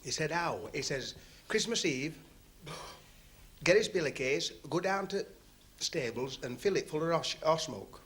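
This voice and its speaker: Chatty club comedian. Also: male voice, on the high side, lively intonation, unhurried, a bit bright. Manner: chatty, teasing the audience, laughing at his own jokes. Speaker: stand-up comedian. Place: working men's club stage on TV. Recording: noisy 1970s TV recording, laughing club crowd.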